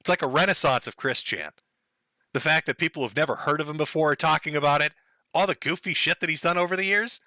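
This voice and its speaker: A man's voice: on the high side, fast, sharp tone, dry recording, clean studio sound. A man streaming live commentary, sarcastic and profane, with mock-dramatic asides. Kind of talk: mocking livestream commentary.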